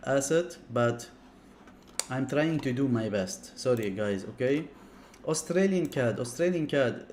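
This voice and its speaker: A man hosting a live stream, talking viewers through charts in a chatty way, repeating words in quick bursts and often apologizing. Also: mid-range voice, a little mellow, a little hiss or hum. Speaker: livestream trading analyst.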